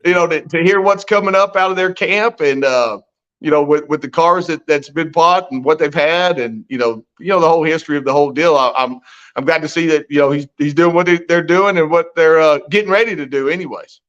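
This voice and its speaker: A man's voice: fairly high pitch, fairly quick, a bit bright, dull audio. A man co-hosting a podcast, rambling in a folksy way with mild swearing. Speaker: podcast co-host. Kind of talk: casual podcast chat.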